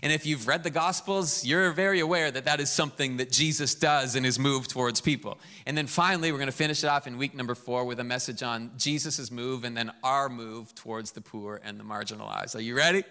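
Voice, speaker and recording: Male pastor, conversational sermon, tense bright tone, long church reverb. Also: mid-range voice, brisk, few pauses. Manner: animated, conversational preaching with jokes. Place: church sanctuary.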